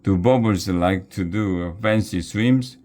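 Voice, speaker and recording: A man's voice: fairly low pitch, measured pace, darkish tone, close to an everyday voice. A man reading a storybook aloud, voicing a sly bullying male troll student who taunts in a mocking tone. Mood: sly questioning.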